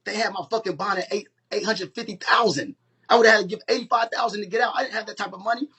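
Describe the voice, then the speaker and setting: A man's voice: sits high, fast, pushed and bright, breathy edge. A man with telling his own story on a live stream, in a heated, profane and emphatic way.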